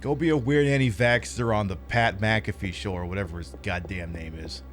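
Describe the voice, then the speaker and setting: A man's voice: fairly low pitch, faint music behind. A man hosting a live stream, chatting casually and rambling while he plays a game. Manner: rambling, animated, drops into quick impressions. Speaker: streamer host.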